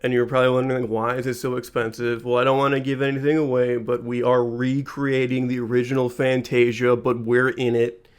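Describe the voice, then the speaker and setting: A man's voice: medium pitch, monotone, fairly quick, clean tone. A man co-hosting a podcast, trading laid-back jokes in casual chat. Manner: laid-back joking banter. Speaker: podcast co-host.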